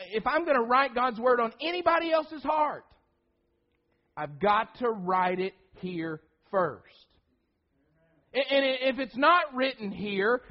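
A man's voice: very high voice, dull audio. A man preaching a sermon, emphatic, often repeating words and restarting phrases.

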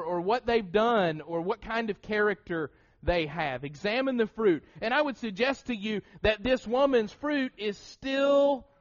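In a church sanctuary, a man in his thirties from the Southern United States preaches with an Appalachian American accent into a shared pulpit mouthpiece mic. His very high voice comes through lo-fi, and his sermon is packed with rhetorical questions and restarts.

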